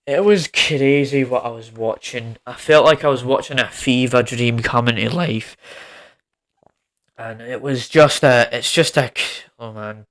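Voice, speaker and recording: Exasperated rambling man, smooth voice. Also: mid-range voice, steady tone, unhurried, fairly bright tone. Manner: exasperated, rambling, repeats words. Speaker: film reviewer. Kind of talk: casual ranting review.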